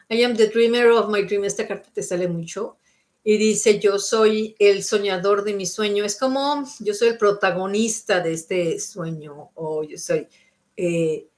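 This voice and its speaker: Woman giving coaching psychic readings. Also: mid-range voice. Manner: coaching, checks in with frequent "okay?"; switches between English and Spanish. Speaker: psychic card reader. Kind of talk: live-stream card reading and advice.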